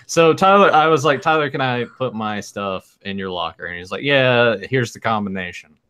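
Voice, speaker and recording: A man's voice: medium pitch, animated, moderate pace, fairly bright tone, smooth. A man co-hosting a casual podcast chat, laughing and telling teasing stories about his friends. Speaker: podcast co-host.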